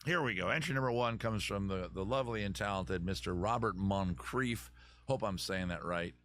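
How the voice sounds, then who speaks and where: A lowish, fairly bright male voice at normal speed belongs to a comedy podcast host chatting casually on his advice show at home in a city. Worn down a bit by weekend shows, he rambles, pokes fun at himself, and puts on a mock Southern lawyer voice.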